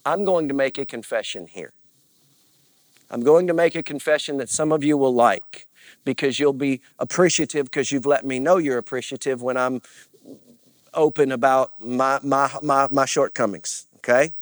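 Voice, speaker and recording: A man's voice: medium pitch, normal speed, dry recording. A man preaching as a pastor, earnest and confessional, with repeated phrases and rising bursts of emphasis. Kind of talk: sermon.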